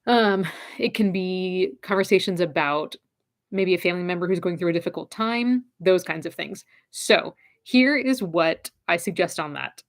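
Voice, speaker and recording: A woman's voice: fairly low pitch, moderate pace. Direct, encouraging woman giving advice. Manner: encouraging, direct, repeats her key phrases. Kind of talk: casual advice talk.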